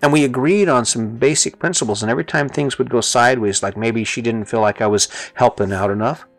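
Gravelly middle-aged man giving earnest advice. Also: medium pitch, fairly quick, faint music behind. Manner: earnest and conversational, repeats phrases for emphasis. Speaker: host. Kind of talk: motivational talk.

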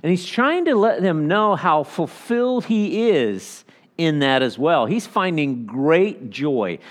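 Animated male pastor preaching. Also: on the high side, slow pace. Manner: animated, acts out quoted voices. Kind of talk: sermon.

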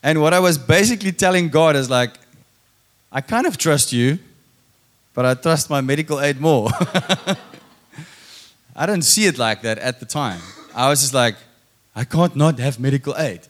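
A man in his thirties giving a sermon as personal testimony. His delivery is animated, with his voice rising and falling as he acts out his own thoughts and prayers. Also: fairly high pitch, a little slow, pauses often. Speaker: preacher.

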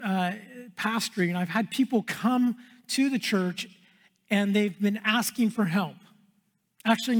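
High-voiced male pastor preaching. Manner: earnest, repeats phrases, drops to a hush for emphasis. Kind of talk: sermon. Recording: long hall reverb.

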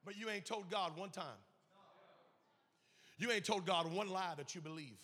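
A man's voice: high voice, normal speed, sharp tone. A man pastor preaching a sermon with passionate, emphatic repetition. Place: church sanctuary. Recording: echoey church hall.

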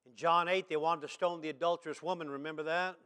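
A man preaching a sermon to his church, posing rhetorical questions and building into shouts. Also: fairly high pitch, steady tone, fast talker, smooth. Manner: impassioned preaching that swells into shouts; asks the congregation rhetorical questions. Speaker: pastor. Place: church service.

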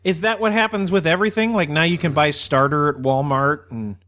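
A man's voice: fairly high pitch, fairly quick, fairly bright tone. Rambling, profane man on a podcast. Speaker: podcast co-host. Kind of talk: casual chat.

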